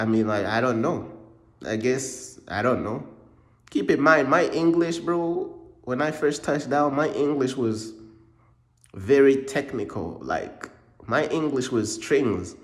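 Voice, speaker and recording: A young man from Uganda telling a casual storytime in a slangy, repetitive way, dropping in "bro" all the time. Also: medium pitch. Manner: slangy, repeats points, drops in "bro" often. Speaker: vlogger. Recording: roomy echo.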